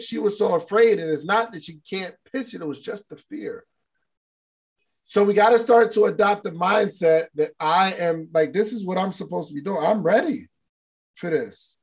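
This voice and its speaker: High-voiced animated motivational speaker. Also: male voice. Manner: animated, playful, acts out scenes. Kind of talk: casual motivational talk to a live online audience.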